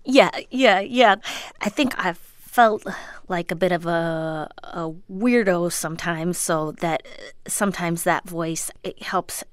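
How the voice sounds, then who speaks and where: A woman comedian and voice actor from Minnesota, chatting in an interview, self-deprecating and full of fillers, with a high, childlike voice. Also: slow, clean tone, no room sound, clean studio sound. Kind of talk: casual interview chat.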